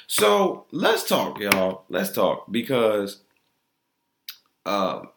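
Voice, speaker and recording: A man hosting his own podcast, giving an opinionated, exasperated casual monologue. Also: slow pace. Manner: animated, exasperated, swings pitch up high in mock disbelief. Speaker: podcast host. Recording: echoey room.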